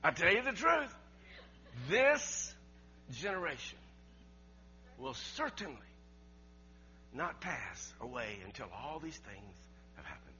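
Bright emphatic preacher man. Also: mid-range voice. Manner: emphatic preaching, swings from loud to quiet. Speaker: pastor. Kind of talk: sermon. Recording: dull lo-fi sermon recording with faint mains hum.

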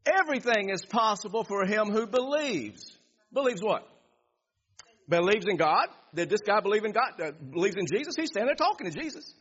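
A pastor preaching a sermon, reading scripture and repeating phrases for emphasis. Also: male voice, high voice, very animated, normal speed, fairly bright tone, slightly rough. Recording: dull echoey hall.

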